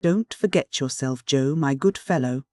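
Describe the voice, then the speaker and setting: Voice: medium pitch, unhurried, darkish tone, no room sound, clean studio sound, lightly acted. A narrator doing a friendly young clergyman. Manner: friendly and mild. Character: good-humoured young male clergyman.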